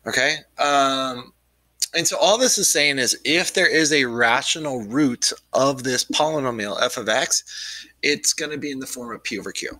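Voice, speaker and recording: A man talks through a recorded math lesson while he has nearly lost his voice. His tone is bright, and he explains casually with frequent ums. The sound is dry and close, with no room echo. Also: medium pitch, normal speed. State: losing his voice. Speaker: math teacher.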